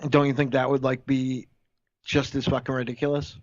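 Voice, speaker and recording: A man's voice: medium pitch, flat delivery, moderate pace, no room sound, dull audio. A man co-hosting a casual podcast chat who swears often and argues his point hard. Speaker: podcast co-host.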